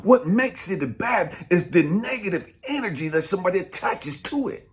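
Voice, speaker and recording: Blunt preachy man, lively pitch. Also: moderate pace. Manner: preachy and blunt, swings between loud and hushed. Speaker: spiritual coach. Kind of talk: motivational talk.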